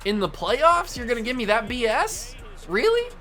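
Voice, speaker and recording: A man hosting a gaming channel, commentating his own video game play and yelling in frustration when it goes wrong. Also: very high-pitched, expressive, normal speed, faint music behind.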